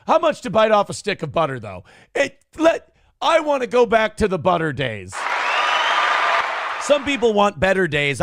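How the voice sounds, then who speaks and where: A man's voice: sits high, creaky, fairly bright tone, no echo, clean studio sound. A man in his thirties hosting a livestream, casually chatting with viewers and reading out donation messages, laughing and bantering often. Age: 30s. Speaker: livestream host.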